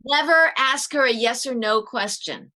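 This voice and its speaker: A middle-aged woman on a video call, giving parenting advice in a lively interview and acting out her tips with sighs. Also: on the high side, unhurried. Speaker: parenting author guest. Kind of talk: animated interview talk.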